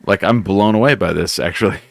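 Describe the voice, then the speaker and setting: A man's voice: lowish voice, a little fast, vocal fry, no echo. A man hosting a radio show, joking and teasing in casual studio banter with an American accent. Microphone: studio mic.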